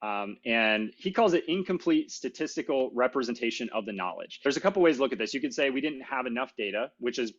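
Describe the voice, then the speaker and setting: Middle-aged male speaker, relaxed and self-mocking, lots of "um" and "like", mid-range voice, somewhat muffled recording. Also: mid-range voice, fast, few pauses. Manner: casual, self-deprecating, many fillers. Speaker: conference speaker. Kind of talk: technical conference talk.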